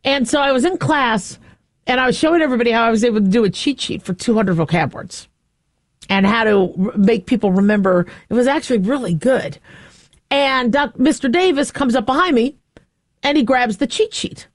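A woman in her fifties hosting a monologue, an animated storyteller who acts out the people in her anecdotes. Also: fairly high pitch, brisk, dry recording, studio quality.

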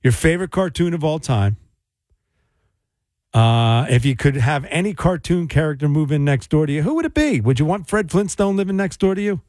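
A man's voice: on the high side, animated, fairly quick, darkish tone, no echo, clean studio sound. A man hosting a call-in radio show, chatting loosely with many fillers and restarts. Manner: rambling, hesitant with fillers. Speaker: radio host.

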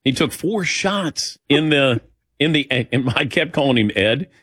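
A man's voice: mid-range voice, lively intonation, a little slow, a bit bright, breathy edge, no room sound, clean studio sound. A man hosting a sports talk show, telling anecdotes in a casual way and acting out the dialogue. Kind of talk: casual radio show storytelling. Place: radio studio. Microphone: studio microphone.

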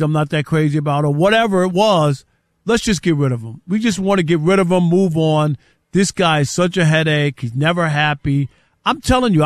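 A man's voice: fairly high pitch, no room sound, clean studio sound. An older man hosting a sports talk show, speaking in casual, rambling sentences and often repeating words as he starts a thought. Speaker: sports radio host.

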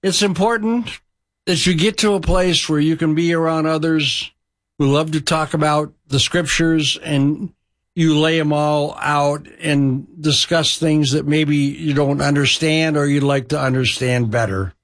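A preacher in sermon storytelling mode, with a slightly high voice. He is emphatic and draws out key phrases for weight. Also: steady tone, unhurried.

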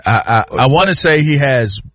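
A man in casual chat, telling animated stories with sudden loud outbursts. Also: mid-range voice, normal speed, no echo, studio quality.

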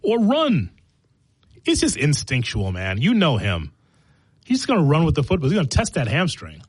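A man's voice: fairly high pitch, huge pitch swings, moderate pace, slightly rough, no echo. A man hosting a sports talk show in a casual, playful, teasing way, laughing often. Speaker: sports radio host.

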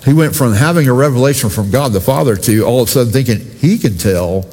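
A man's voice: medium pitch, lively intonation, fast talker, darkish tone. A male pastor preaching a sermon in a conversational way, talking directly to his congregation. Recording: long reverb from a church hall.

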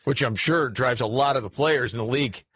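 A man's voice: medium pitch, brisk, a bit bright, husky, no room sound. A man in his forties co-hosting a talk radio show, blunt and sarcastic in casual banter.

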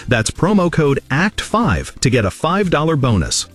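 A man's voice: fairly high pitch, sing-song, normal speed, soft background music. A man reading an app ad voice-over in an upbeat, emphatic way. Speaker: ad announcer. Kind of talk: scripted ad voice-over.

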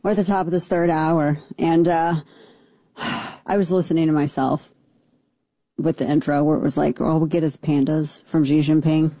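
A woman's voice: deep voice, flat delivery, moderate pace, pauses often, mellow, no room sound. A woman hosting a talk radio show, delivering an opinionated, sarcastic monologue. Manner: sarcastic, combative, rambling with fillers.

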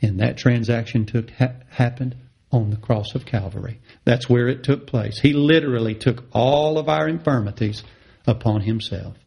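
A middle-aged man preaching a sermon, passionate and repetitive, his voice climbing high on the words he stresses. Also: moderate pace, creaky, a little mellow, breathy edge. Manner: impassioned, repeats phrases for emphasis, rises sharply in pitch on key words.

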